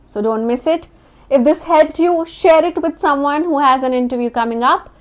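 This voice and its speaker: A woman coach delivers a scripted lesson with a slightly high voice. Her phrasing is measured and emphatic. She lands each statement with a firm falling tone. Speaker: interview communication coach. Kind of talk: scripted instructional talk.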